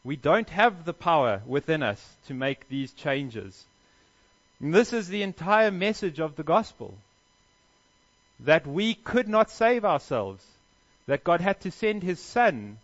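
A man's voice: a little high, lo-fi sound. A man preaching a sermon as pastor, earnest, with emphatic stresses and rhetorical questions.

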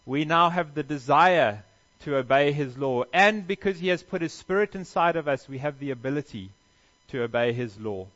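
A man's voice: fairly high pitch, animated, normal speed, fairly bright tone, dull audio. A man preaching a sermon as pastor, earnest, with emphatic stresses and rhetorical questions.

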